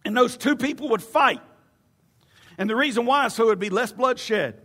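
A man preaching a sermon, animated and storytelling, with stammered restarts. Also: very high-pitched, normal speed, big-room sound.

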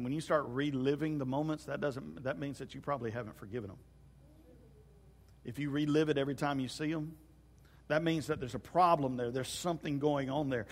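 A man preaching a sermon as pastor in a church, folksy and joking as he tells stories. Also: medium pitch. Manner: folksy storytelling with jokes. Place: church sanctuary. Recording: long hall reverb.

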